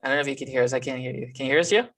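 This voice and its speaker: A male instructor in a mid-range voice runs an online class. He talks haltingly, with many fillers and restarts. He is heard over a video call. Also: mid-range voice, fairly bright tone.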